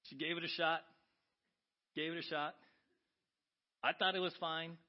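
A man preaching from the pulpit, his fairly high voice rising into loud, urgent questions, then dropping to quiet asides. The church recording sounds dull and lo-fi, with little crispness. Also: level tone, unhurried. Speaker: pastor. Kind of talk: sermon.

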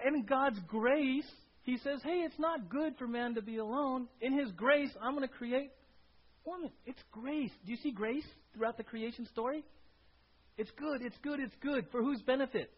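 A pastor with an extremely high voice, speaking at a moderate pace, delivers a conversational sermon, asking his listeners questions and tagging points with "right?". The recording has a dull, lo-fi sound.

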